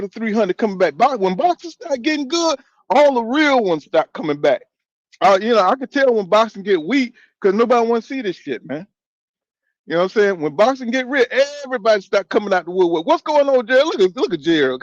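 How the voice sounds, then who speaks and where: The voice here belongs to a man in his fifties hosting a boxing channel, high-pitched and very animated at a normal speed. He reads out viewer comments in loose, profane live-stream chat, talking back to the audience. The recording has no room sound and its highs are cut off.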